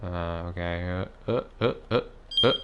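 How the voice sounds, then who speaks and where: A man's voice: sits low, unhurried, lo-fi sound, background noise. A man hosting a let's play, rambling casually and reading the game's story text aloud. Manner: rambling, self-deprecating, swears casually.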